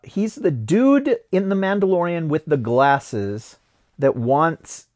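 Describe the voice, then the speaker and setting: A man hosting a casual podcast chat, his pitch rising and falling a lot as he talks. He reads names off a list and looks things up, keeping the talk easygoing. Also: expressive, slow pace, darkish tone. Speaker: podcast host.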